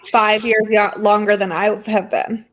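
A woman's voice: mid-range voice, little pitch movement, measured pace, low-quality recording. A woman co-hosting a podcast who teases her co-host with dry remarks in casual chat. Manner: dry, teasing interjections.

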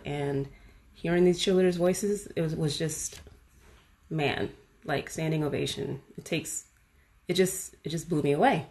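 A woman hosting a podcast, talking casually and with animated enthusiasm, full of fillers like "you know" and "like". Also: deep voice. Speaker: podcast host. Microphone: podcast mic.

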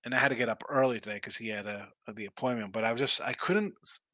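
A tired man hosts a live sports betting stream, yawning between picks and rambling along in a casual way. His voice has a bright, forward edge. The mic is close and dry, with no room sound. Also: mid-range voice, fast, no echo. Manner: rambling, reads viewer chat aloud. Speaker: sports betting show host.

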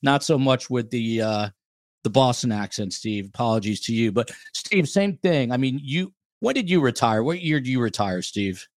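New York male podcast host, mid-pitch, loose and hesitant, dead-dry room. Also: expressive, no room sound. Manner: casual, halting with fillers. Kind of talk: podcast interview.

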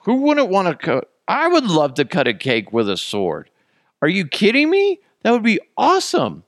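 A man's voice: high-pitched, wildly swooping pitch, moderate pace, no room sound, clean studio sound, voice pushed up. A man doing a crude impression of a foul-mouthed elderly queen in a put-on English accent. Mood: gleeful.

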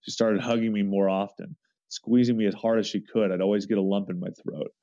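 A man's voice: fairly low pitch, fairly even intonation, fairly quick, mellow, no room sound. A man reading a forum story aloud in the first person, earnest and sometimes restarting his sentences. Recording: dull lo-fi sound.

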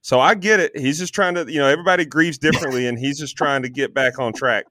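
A man co-hosting a podcast, chatting casually about a movie, animated, swearing freely and filling gaps with ums. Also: on the high side, fast talker, background noise. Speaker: podcast co-host. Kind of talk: casual movie review chat.

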